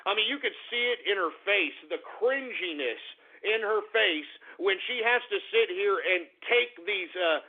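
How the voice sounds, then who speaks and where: A man with a high voice delivers a sarcastic, insulting talk radio rant. The sound is tinny and narrow, like a phone line. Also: lively intonation, a little slow. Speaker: radio show host. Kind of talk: ranting talk radio monologue.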